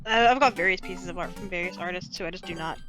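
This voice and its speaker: Bright teasing woman on a stream, joining by phone, faint music behind. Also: fairly low pitch, fast talker. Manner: playful teasing, laughs often. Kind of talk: casual stream chat. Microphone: phone, on mobile.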